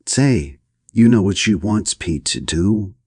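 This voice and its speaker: A man's voice: lowish voice, lively intonation, slow pace, darkish tone, breathy edge, no echo, studio quality, full character voice. A man voicing a placid, prim young woman in an audiobook reading, speaking in an unbothered drawl.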